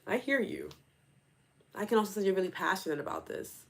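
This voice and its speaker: Animated woman chatting with her viewers. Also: mid-range voice, fairly quick, creaky. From New York City. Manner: animated, laughs often, talks to her audience directly. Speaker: host. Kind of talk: live stream chat reading viewer comments.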